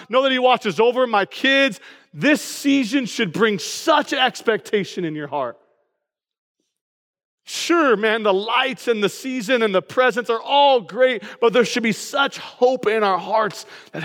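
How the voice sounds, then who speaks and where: A man preaching a lively sermon with a fairly high voice that carries through a big hall with a long echo. He tells family stories and bursts into excited shouts now and then. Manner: animated storytelling, sudden excited shouts. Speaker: pastor. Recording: long reverb of a large hall.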